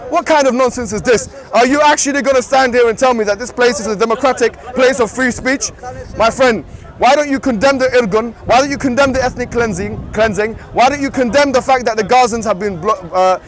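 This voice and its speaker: A man with a British accent arguing in a heated outdoor street debate, forceful and mocking, cutting in quickly. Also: very high voice. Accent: British English. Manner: forceful, mocking, rapid interruptions. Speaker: Muslim debater. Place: outdoor public speaking park.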